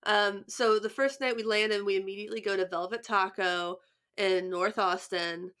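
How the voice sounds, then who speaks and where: A woman's voice: medium pitch, fairly even intonation, normal speed, fairly bright tone, clean tone. Young woman, podcast co-host, casual chat, laughs a lot, trips over her words. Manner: chatty, laughs often, many restarts.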